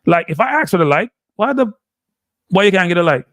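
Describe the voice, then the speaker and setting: A man's voice: sits high, sing-song, fairly quick, fairly bright tone, no room sound. Rambling Jamaican man hosting a live stream. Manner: rambling and exasperated, slipping into patois. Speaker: live show host. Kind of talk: casual live-stream rant to chat.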